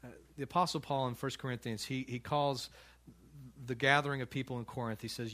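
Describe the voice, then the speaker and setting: A man's voice: medium pitch, steady tone, a little fast, a bit bright. Conversational male preacher. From United States. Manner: casual, conversational preaching with restarts and laughs. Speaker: pastor. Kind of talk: sermon. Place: church.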